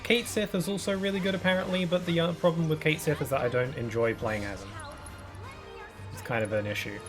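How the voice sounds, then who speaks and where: A man's voice: a little high, fairly quick, over music. A man with a British accent, a gaming streamer, musing casually with rambling fillers while he plays.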